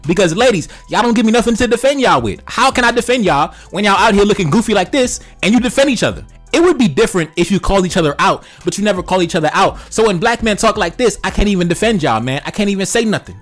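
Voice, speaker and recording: A man's voice: high voice, animated, fast, few pauses, faint music behind. A young man doing casual commentary on social media posts, blunt and heated, swearing often and calling listeners "man" and "brother". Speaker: commentary channel host.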